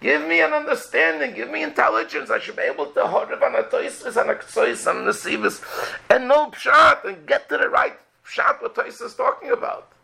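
A man's voice: very high-pitched, huge pitch swings, moderate pace, gravelly, sharp tone, poor audio. A man, a rabbi, giving a religious lecture full of rhetorical questions and acted-out prayers.

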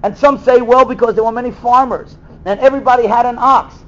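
High lively guy telling a story in a sermon, kinda muffled recording. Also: fast talker. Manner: animated storyteller acting out voices. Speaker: rabbi giving a talk. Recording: dull lo-fi recording.

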